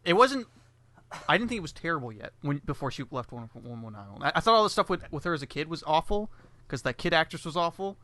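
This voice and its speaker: Fast, bright-voiced man riffing sarcastically. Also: a little high, sing-song. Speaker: podcast co-host. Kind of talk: casual movie review chat.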